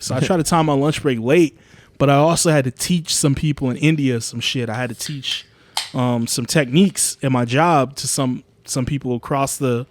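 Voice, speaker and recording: Animated storytelling young man, dry mic. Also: no echo. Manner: animated storytelling, swearing, acts out quotes in a higher voice. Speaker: podcast co-host. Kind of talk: casual chat.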